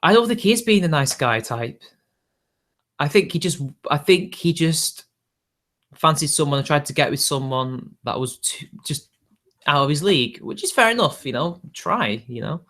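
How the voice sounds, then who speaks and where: Rambling man, slightly high voice. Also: very animated, normal speed, fairly bright tone. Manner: rambling, hedging, frequent chuckles. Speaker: livestream host. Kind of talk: casual off-the-cuff chat.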